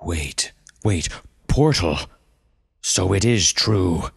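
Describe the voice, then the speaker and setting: A man's voice: low-pitched, animated, extremely slow, creaky, husky, no room sound, studio quality, full character voice. A man doing a cold, steely government agent. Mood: suspicious. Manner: cold, angry, blustering. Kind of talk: storytelling audio drama.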